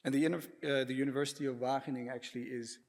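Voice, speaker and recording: A man giving a prepared panel talk, measured and hesitant, with frequent "uh"s and throat clearing. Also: medium pitch, steady tone. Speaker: panel speaker, architect. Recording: echoey lecture hall.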